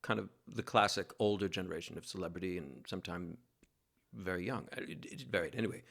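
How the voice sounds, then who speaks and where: A man from New York City, a guest telling a lively, self-mocking story in a casual interview and laughing as he goes. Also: low voice, quick pace, creaky.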